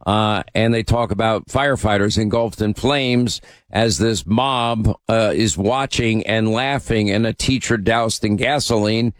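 A man's voice: lowish voice, measured pace, no room sound. A man hosting a talk radio show, speaking emphatically and with opinion, often using fillers. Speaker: host.

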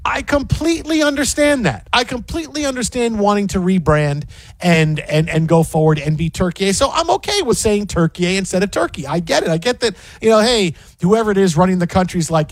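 Radio host guy, high voice that swings all over, dry studio sound, jokey. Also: fairly quick, dry recording. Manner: animated, joking, talks over others. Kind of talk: sports radio banter. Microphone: studio mic.

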